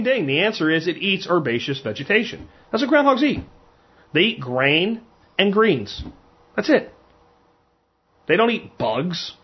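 A man's voice: fairly high pitch, slightly rough. A man from Pennsylvania who hunts and cooks game, telling stories in a frank, rambling way and often repeating words. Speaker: hunter and cook. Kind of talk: casual storytelling. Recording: dull lo-fi sound.

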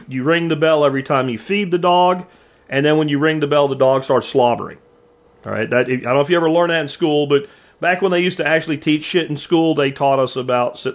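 A man hosts a podcast in a casual, blunt way, dropping the odd curse word as he talks. His voice sits in a middle pitch. The audio is somewhat dull and lo-fi. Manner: blunt and conversational, with offhand profanity. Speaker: podcast host.

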